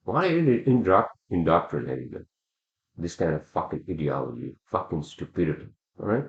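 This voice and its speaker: A man's voice: low voice, big pitch swings, fairly quick, gravelly. A man hosting a solo podcast, ranting heatedly and swearing a lot, often asking "all right?". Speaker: podcast host. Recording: roomy, dull lo-fi sound.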